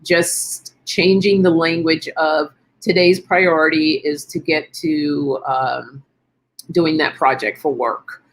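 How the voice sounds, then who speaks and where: This live stream host, a middle-aged woman, has a low-sitting voice and a steady tone, and she talks slowly. Her wellness chat is casual and supportive, with her thinking aloud as she takes viewer questions.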